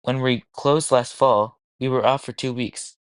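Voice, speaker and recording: A man's voice: medium pitch, fairly even intonation, measured pace, clear, resonant tone, no echo, natural voice. A man voicing a thin young woman who works in a factory, speaking earnestly and explaining.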